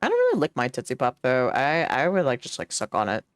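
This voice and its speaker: A woman's voice: extremely low pitch, huge pitch swings, fast talker, no room sound, studio quality, faint music behind. A woman streaming a game, chatty and giggly, reading the dialogue aloud as she plays, with hiccups. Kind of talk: casual game stream commentary.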